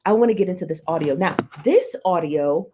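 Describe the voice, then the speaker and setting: A woman's voice: fairly low pitch, animated, brisk, warm tone, a little hiss or hum. A woman hosting a casual live-stream reaction show, chatty and slangy, greeting viewers by name one after another. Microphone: desk mic, close.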